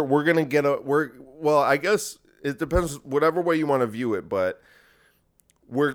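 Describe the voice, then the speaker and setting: Here a man hosts a podcast with a loose, meandering solo talk full of crude jokes, sarcasm, and false starts. He speaks in a smooth, mid-pitched voice.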